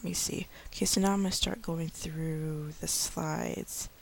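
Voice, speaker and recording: A woman in her thirties, an online English teacher, giving chatty tips in a casual vlog with many fillers, slowing down to model speech for young learners. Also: low-pitched, fairly even intonation, gravelly, darkish tone, a little hiss or hum. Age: 30s.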